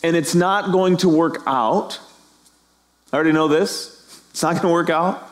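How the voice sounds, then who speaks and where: A middle-aged male pastor preaching a sermon, animated, acting out the voices of people in the story. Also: on the high side, a little slow, pauses often.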